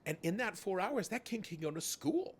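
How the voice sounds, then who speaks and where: A man hosting a charity livestream, telling stories in an animated way and swearing freely. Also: high voice, normal speed, husky. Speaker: host. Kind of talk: casual charity stream chat.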